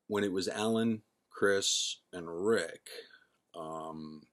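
This middle-aged man, singer and founder of a band, speaks in a low voice at an extremely slow pace. He tells his story casually and rambles, correcting himself along the way and acting out the dialogue he quotes.

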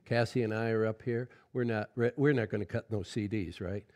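A middle-aged man preaching a sermon as pastor, folksy and conversational, swinging from loud exclamations to quiet asides and often calling out "Amen?". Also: lowish voice, fairly even intonation, brisk. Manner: folksy preaching with frequent "Amen?" call-outs.

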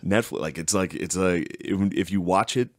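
A young man co-hosting a podcast, casually retelling a story with lots of swearing and quick impressions of people. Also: low-pitched, no room sound, studio quality. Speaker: podcast co-host. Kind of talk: casual chat.

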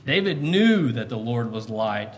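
A man's voice: mid-range voice, big pitch swings, measured pace. A man, preaching an earnest, emphatic sermon from a church pulpit and weaving in personal family stories. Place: church sanctuary. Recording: long church reverb with faint ambience.

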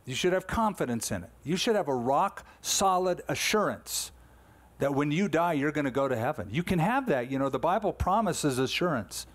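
A man's voice: fairly high pitch, animated, normal speed. A man in his sixties, a pastor delivering a conversational, emphatic sermon full of rhetorical questions.

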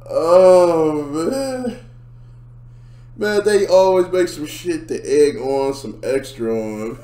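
Man, reaction host, very slow drawl, laughs a lot, echoey room. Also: a little high, lively intonation, mellow. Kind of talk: casual reaction commentary.

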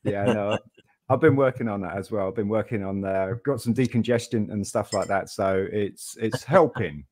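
A man's voice: on the low side, normal speed, darkish tone. A man joining a livestream as a guest, chatting in an easygoing, friendly way and asking questions. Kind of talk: casual chat.

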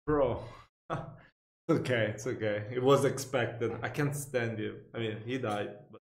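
A man's voice: mid-range voice, a little slow, vocal fry. A young Italian man with an Italian accent, reacting casually to a video and laughing often. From Italy. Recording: roomy echo.

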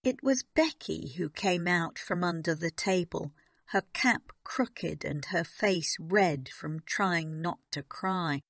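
A woman narrating a graded reader story slowly and carefully on a close mic. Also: on the low side, creaky, a bit bright, no echo. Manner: slow, careful reading. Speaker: audiobook narrator.

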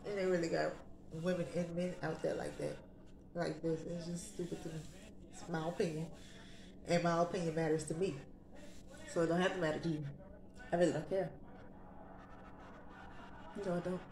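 A woman's voice: lowish voice, flat delivery, moderate pace, vocal fry, pauses often, a little mellow, roomy sound. A young woman vlogging in casual, sassy, slang-heavy chat.

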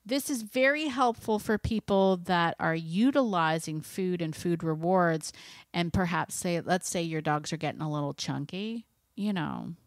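A woman's voice: lowish voice, a little slow, no echo. Chatty woman dog trainer, dry sound. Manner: chatty and lively, laughs often. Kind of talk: casual instructional talk.

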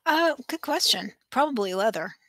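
Woman player, mid pitch, quick jokey answers, dry close sound. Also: lively intonation, a bit bright, dry recording. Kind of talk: casual tabletop game chat.

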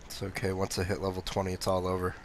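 A man's voice: sits low, completely flat delivery, fast, slight background noise. Sleepy, laid-back male streamer. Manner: laid-back, swears freely, answers chat. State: sleepy, phlegmy throat. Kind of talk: casual gaming stream chat.

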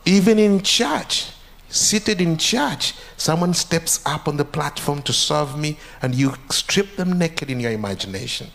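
A stern, commanding divine voice, low and unhurried, that sinks at times to a hushed whisper, as a preacher puts it on. It speaks with grave authority, each word weighed and slow. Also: male voice, expressive, gravelly, heavily acted.

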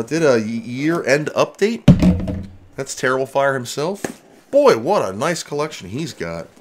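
A man chats through a casual livestream from his home workshop. His voice moves around a lot in pitch as he reacts to each package. He sounds excitable and loose, with the occasional mild swear. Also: slight background noise. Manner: excitable, chatty, swears mildly. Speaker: retro computer restoration channel host. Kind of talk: casual livestream mail-opening chat.

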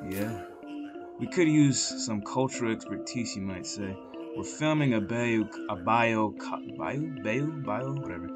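A man's voice: lowish voice, animated, a little slow. A man voicing a rude, hot-tempered film director in a video game, barking his lines with game music behind. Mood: brash. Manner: barking, brash and insulting.

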